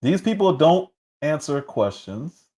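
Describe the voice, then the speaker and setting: Man, livestream host, casual commentary, lively swooping pitch, animated reactions. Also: unhurried. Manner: animated, reacts to clips and chat.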